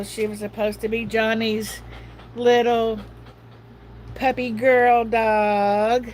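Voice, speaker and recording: A woman's voice: a little high, little pitch movement, slow, long pauses, darkish tone, a little hiss or hum, poor audio. A middle-aged woman hosting a casual livestream, talking in a chatty, folksy, rambling way. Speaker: livestream host.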